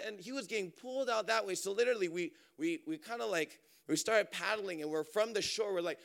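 A man from Hawaii, preaching through a lively personal story with many fillers. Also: high voice, a little fast, vocal fry, few pauses, clear, resonant tone. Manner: animated, chatty, many fillers and restarts. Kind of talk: storytelling sermon.

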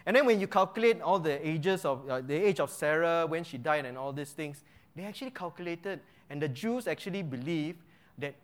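A man with a notably high-pitched voice leads an interactive Bible lesson. He keeps asking his listeners questions and checking in with them. He repeats key phrases to drive his points home. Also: expressive, brisk. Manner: quizzes the audience with frequent "right?" checks. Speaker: Bible teacher.

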